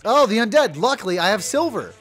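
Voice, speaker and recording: A young man giving loud, profane let's play commentary, yelling at his game companion. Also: high voice, quick pace, soft background music. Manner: excitable, swears loudly, yells at his companion. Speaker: gaming video creator.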